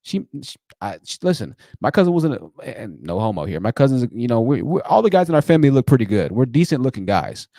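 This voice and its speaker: A man hosting a livestream call-in show, telling stories in a chatty, animated way and laughing at his own jokes. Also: mid-range voice, fast talker, no room sound, studio quality. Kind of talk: livestream commentary and storytelling.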